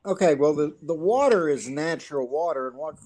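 Southern man explaining in halting speech. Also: on the high side, a little mellow. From Alabama, US. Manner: halting, many uhs, explains water health claims. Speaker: guest. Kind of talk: casual podcast chat.

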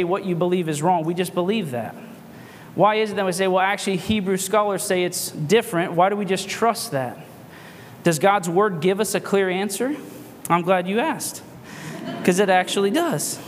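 Impassioned high-voiced male preacher. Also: in a large hall, a little hiss or hum. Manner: impassioned, emphatic rhetorical questions. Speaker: pastor. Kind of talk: sermon.

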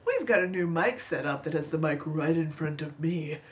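A woman's voice: low voice, animated, moderate pace, a little hiss or hum. A woman co-hosting a podcast in casual chat, playful and teasing, laughing often. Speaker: podcast co-host.

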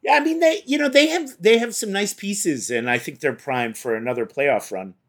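A man's voice: fairly high pitch, normal speed, a bit bright. A man co-hosting a casual sports podcast, rambling with many hesitations. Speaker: podcast co-host.

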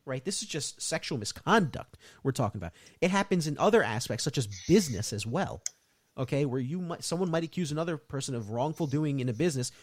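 A man co-hosting a casual podcast, reading out news items and adding sarcastic asides. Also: medium pitch. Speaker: podcast co-host.

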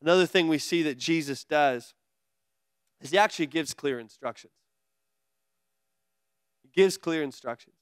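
A male pastor preaching a sermon in an energetic, conversational way, with playful asides. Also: on the high side, moderate pace, pauses often, clear, resonant tone, dry recording, studio quality.

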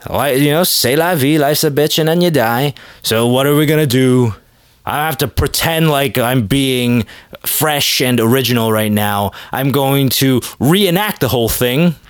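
A man hosts his own podcast solo in a dry, close recording with no room sound. He rambles casually and mocks himself, swearing freely. His pitch sits right in the ordinary male middle. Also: unhurried, smooth, no room sound. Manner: rambling, self-deprecating, profane. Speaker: podcast host.

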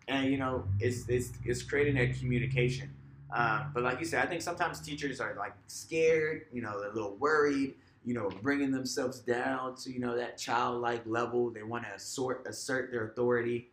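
A man's voice: medium pitch, normal speed, a little hiss or hum. Laid-back man, echoey room. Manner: relaxed, filler-heavy, acts out classroom voices. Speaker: teacher and podcast co-host. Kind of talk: casual conversational chat.

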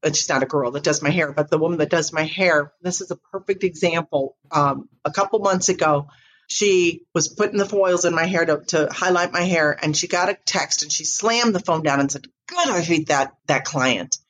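A woman's voice: low-pitched, a little fast, slight background noise, low-quality recording. A middle-aged woman, an interview guest, telling a story in a conversational way and acting out the lines of the people in it. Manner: animated storyteller, acts out quoted dialogue.

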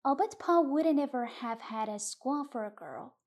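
Needling little farm boy, read by a woman, tattling, high and breathy, audiobook. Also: expressive, moderate pace, a little mellow. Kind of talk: audiobook reading of a short story.

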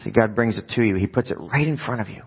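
Fast and slightly rough, with a creaky, lowish voice, a male pastor gives a conversational sermon in a church sanctuary and keeps asking the congregation rhetorical questions. The sound is dull, with a long hall reverb.

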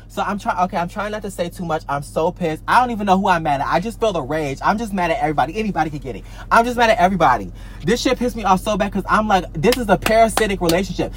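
A man's voice: high voice, a little hiss or hum. A man, an artist, ranting angrily to camera, swearing often, repeating himself, stammering and trailing off. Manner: heated, profane, repetitive rant with many restarts; trails off with "I don't know" and stammers. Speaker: artist and social media creator. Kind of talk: ranting vlog.

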